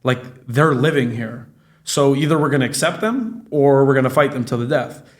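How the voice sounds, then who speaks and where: A man's voice: mid-range voice, normal speed. A man in his late twenties talking casually and acting out the people in his stories, with plenty of profanity. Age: 20s. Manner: animated storytelling, profane, acts out quoted dialogue. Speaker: guest, real estate business owner. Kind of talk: casual podcast conversation.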